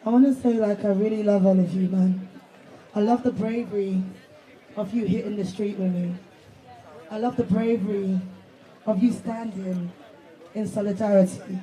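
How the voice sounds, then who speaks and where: A man's voice: high voice, steady tone, a little slow, dark tone, low-quality recording. A man giving an emotional, laughing rally speech as a protest organizer at an outdoor street protest. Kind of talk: rally speech through a crowd. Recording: outdoor protest with crowd behind.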